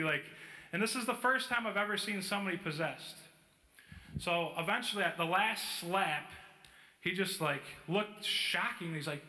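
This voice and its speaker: Preaching in a church hall that echoes on the recording, this man relates a story in a relaxed way, using many fillers. His fairly high voice is pushed and bright, and he talks at normal speed in sermon-storytelling style.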